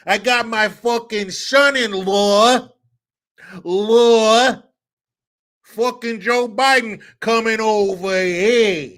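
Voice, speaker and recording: A man doing a bellowing mobster-style dad, higher than his own voice, loud, gruff, drawn-out. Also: exaggerated voice. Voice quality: gruff, profane, New York mobster drawl. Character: loud brash Italian-American mob-style dad.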